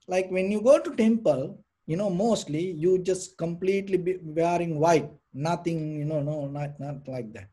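Soft, husky-voiced man teaching meditation. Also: on the high side, normal speed, hardly any pauses. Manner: rambling, many restarts and "you know" fillers. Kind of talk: informal dharma talk.

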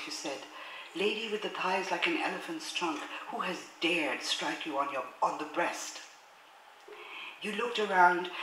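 Woman lecturer with a bright, crisp voice, formal read-aloud delivery, filler-heavy asides, roomy hall echo. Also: lowish voice, a little hiss or hum. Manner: hesitant between readings, many fillers and restarts.

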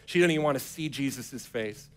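A male pastor delivering a sermon in a church sanctuary. He tells the story like a conversation with friends, slipping into quick impressions of the people in it. His voice sits at an ordinary middle pitch for a man. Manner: casual storytelling preacher who acts out quotes in a relaxed, modern voice.

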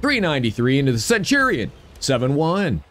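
A man's voice: mid-range voice, sing-song, brisk, fairly bright tone. A man giving upbeat gameplay commentary and cheering on his own shots. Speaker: gaming video creator.

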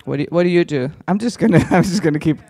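A man's voice: fairly high pitch, rapid-fire, darkish tone, no echo. A man doing stand-up on a conference stage, teasing the audience with crude, chatty crowd work. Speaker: stand-up comedian.

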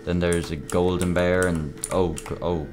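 A young man with a very low voice, mumbling through casual gameplay commentary. He stops and restarts often and talks quietly to himself, with loud game music behind him. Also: fairly even intonation. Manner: mumbly, halting, lots of fillers. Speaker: gaming video creator.

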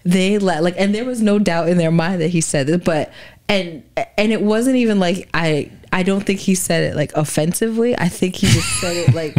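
A woman's voice: fairly low pitch, normal speed, darkish tone. A young adult woman co-hosting a podcast, telling stories in casual chat and laughing often. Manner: chatty storyteller, laughs often. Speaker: podcast co-host.

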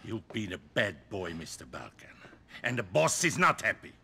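A sneering thug enforcer with a hard, sharp-edged voice. His pitch swings widely as he mocks and threatens. This is a crime game cutscene. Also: big pitch swings, moderate pace, gravelly, slight background noise, heavily acted. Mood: menacing. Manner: menacing, taunting. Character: sadistic thug enforcer, mocking. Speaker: henchman.

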